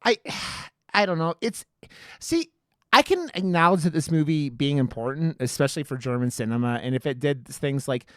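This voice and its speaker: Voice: medium pitch, expressive, moderate pace, fairly bright tone, dry recording, clean studio sound. A podcast co-host in a casual horror movie review chat, rambling with many restarts and casual swearing.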